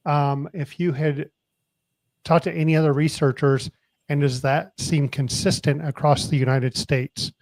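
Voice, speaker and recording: A man's voice: fairly high pitch, steady tone, measured pace, darkish tone, no room sound. Dry-sounding male host asking questions. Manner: brief, relays viewer questions. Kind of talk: interview questions.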